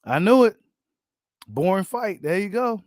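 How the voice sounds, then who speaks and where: A man hosting a boxing channel, giving casual, animated reaction commentary full of slang and repeated phrases. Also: sits high, measured pace, dry recording, studio quality.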